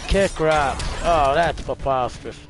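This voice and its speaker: A man's voice: a little high, unhurried. A man giving casual gameplay commentary, joking, rhyming and making silly noises as he plays. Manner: playful, breaks into rhymes, meows and sound effects. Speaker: gaming channel host. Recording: voice over loud game music. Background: game music.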